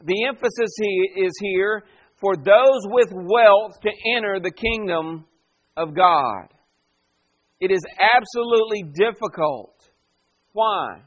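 A male pastor delivers a sermon with a fairly high voice for a man. He preaches with forceful emphasis, pressing his points and asking the congregation questions. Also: low-quality recording.

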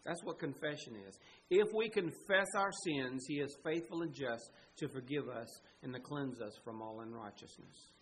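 A man's voice: medium pitch, normal speed, a little hiss or hum, rough recording. A man preaching a sermon as pastor, earnest and emphatic, pleading with his listeners.

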